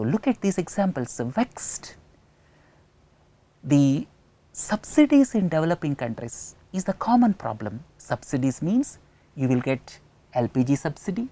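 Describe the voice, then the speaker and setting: A woman's voice: deep voice, warm tone. A woman with an Indian English accent giving a recorded lecture on an editorial, explaining word meanings and repeating key phrases for emphasis. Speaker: English teacher.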